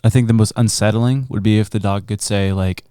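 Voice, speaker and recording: A man co-hosting a podcast in casual chat, playful and quick to joke. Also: on the low side, fairly even intonation, dark tone, smooth, no echo, clean studio sound. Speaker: podcast co-host.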